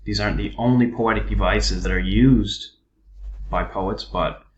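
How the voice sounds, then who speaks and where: A man teaching a recorded poetry lesson, explaining step by step in an unhurried way with frequent ums and uhs. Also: lowish voice, steady tone, reverberant, lo-fi sound, a little hiss or hum.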